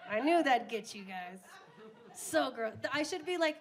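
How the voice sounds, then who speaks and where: A woman's voice: a little high, lively intonation, moderate pace. Crude, self-mocking woman doing stand-up. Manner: crude, self-mocking, laughs at her own jokes. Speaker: stand-up comedian. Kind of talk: stand-up comedy set. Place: comedy bar stage, live audience.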